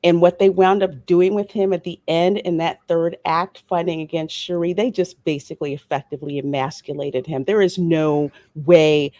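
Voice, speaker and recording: A woman's voice: fairly low pitch, fairly even intonation, normal speed, hardly any pauses, warm tone, no echo. A woman panelist with a Louisiana Creole accent in a heated discussion, speaking emphatically and sarcastically with building indignation.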